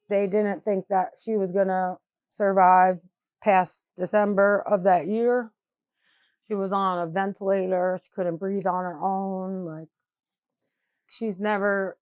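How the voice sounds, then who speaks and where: A middle-aged mother from New York State, whose child was a crash victim, speaks candidly in a documentary interview using plain everyday words and frequent "like" and "you know" fillers. Her voice is on the low side with a darkish tone, and there is no echo.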